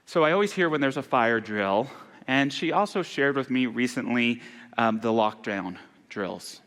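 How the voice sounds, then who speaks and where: A man delivering a Sunday sermon as minister, earnest and turning hushed on sorrowful passages. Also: mid-range voice, expressive, moderate pace. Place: church sanctuary. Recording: long hall reverb in a church.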